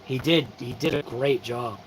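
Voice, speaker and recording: A man's voice: medium pitch, unhurried, slight background noise, poor audio. A man hosting a hobby channel, chatting casually and sleepily with viewers, yawning and laid-back. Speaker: RC channel host. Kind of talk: casual live-stream chat.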